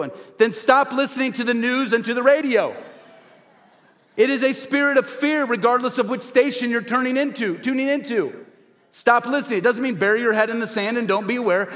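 Man, pastor, sermon, high voice, emphatic call-and-response refrains, long hall reverb. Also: fairly quick, fairly bright tone.

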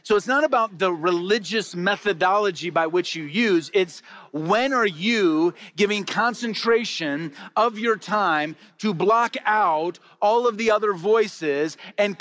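A man's voice: high voice, measured pace, a bit bright. A man preaching a sermon to his congregation in a conversational way, asking them rhetorical questions. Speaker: pastor. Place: church before a congregation.

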